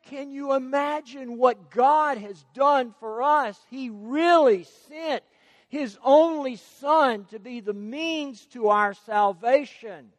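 A man's voice: very high-pitched, slow pace, no echo, big-room sound. A man preaching a sermon, emphatic and stressing key words by repeating them.

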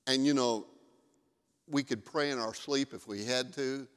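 A man's voice: mid-range voice, steady tone, a little slow, fairly bright tone, clean tone, big-room sound. A male pastor giving a sermon in a conversational, storytelling way.

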